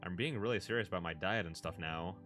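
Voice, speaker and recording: A man reading a story aloud, voicing a young adult brother who is quick, laughing and apologetic. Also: low voice, fairly bright tone, faint music behind. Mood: surprised.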